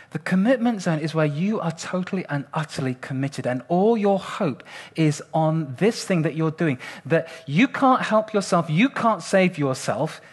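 High-voiced Englishman telling a funny stage story. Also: breathy edge. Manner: playful, self-mocking, dramatic pauses. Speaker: speaker on stage. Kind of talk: humorous storytelling talk to an audience. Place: stage before a live audience.

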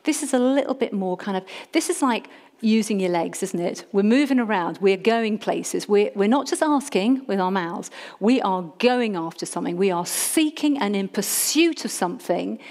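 A middle-aged woman church leader preaching a sermon, animated and humorous, calling on the congregation to repeat key words. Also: mid-range voice, moderate pace.

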